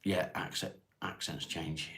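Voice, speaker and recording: Low, gravelly man chatting on stream. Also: flat delivery, fairly bright tone. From England (Cheshire). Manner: laid-back, unhurried, reads chat questions aloud then answers plainly. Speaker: livestream host. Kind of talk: casual livestream chat answering viewer comments. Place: at home, smoking while streaming.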